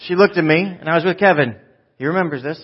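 A man preaching a live sermon to a church congregation, joking and swinging from loud bursts to soft, low asides. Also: fast talker, husky, lo-fi sound. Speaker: pastor.

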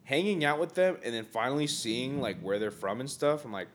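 A man from Northern Virginia co-hosting a podcast in casual chat, tired and low on energy, slangy and swearing a lot. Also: lively intonation, a little fast, slight background noise. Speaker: podcast co-host.

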